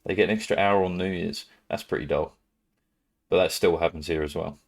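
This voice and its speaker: A man's voice: deep voice, fairly even intonation, a little fast, gravelly. A British man chatting casually to his live-stream viewers, rambling, swearing freely and laughing often. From Britain. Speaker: livestreamer.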